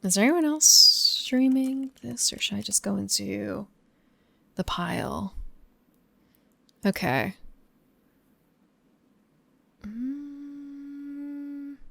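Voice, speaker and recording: A woman live-streams games from home and chats with viewers between gameplay, musing and laughing often. Her high, bright voice is expressive and forceful with a breathy edge and vocal fry, delivered very slowly with long pauses. The recording is dry.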